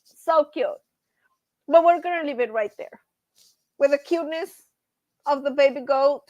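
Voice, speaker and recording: A middle-aged woman chats on her own livestream, laughing often and calling out to viewers. Her voice sits a little high. The sound is close and dry with no room echo. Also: normal speed, a little mellow, highs cut off. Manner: chatty, laughs often, reads out chat names. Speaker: livestream host. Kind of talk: casual livestream chat.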